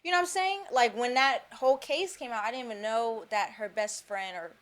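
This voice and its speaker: A woman's voice: a little high, fairly quick, fairly bright tone. Casual opinionated woman on a podcast. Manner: casual, opinionated, filler-heavy. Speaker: podcast co-host. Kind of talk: casual group podcast chat.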